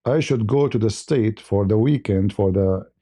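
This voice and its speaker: A man's voice: lowish voice, normal speed, mellow. A man who is not a native English speaker, hosting a live stream and telling casual stories with frequent laughter. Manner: laughs often while telling anecdotes. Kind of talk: casual storytelling.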